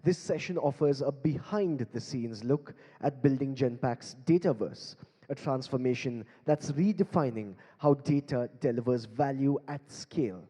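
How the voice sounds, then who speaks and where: A man's voice: mid-range voice, measured pace, mellow, breathy edge. A man with an Indian English accent hosting a live conference on stage as emcee and beatboxer, playfully coaxing the audience to join in. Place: large conference hall stage. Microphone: handheld stage mic. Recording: long hall reverb.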